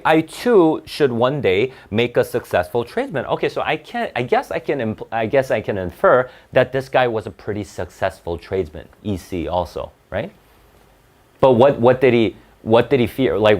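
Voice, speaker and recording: A young male tutor walks students through a reading passage in a relaxed, blunt way. His pitch swings widely as he keeps asking rhetorical questions, with plenty of "uh" and "right?" along the way. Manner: casual, blunt and animated, asking rhetorical questions with many fillers. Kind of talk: online tutoring lesson, reading a passage aloud and explaining it.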